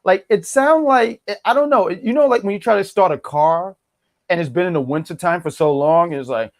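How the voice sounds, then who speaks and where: A man's voice: high-pitched, normal speed. A man co-hosting a wrestling podcast, chatting casually with a joking, mock-boastful manner. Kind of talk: casual chat.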